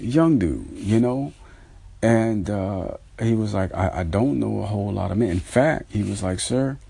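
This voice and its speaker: Deep, husky-voiced man talking earnestly. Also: dark tone. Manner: retells conversations, quoting others, earnest and preachy. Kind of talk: casual spoken commentary.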